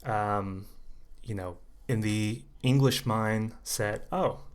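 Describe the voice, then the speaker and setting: A man working as an English conversation coach, giving a relaxed, chatty, unedited pronunciation lesson to camera and repeating sounds slowly for learners. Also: on the low side. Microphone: camera mic, unedited single take.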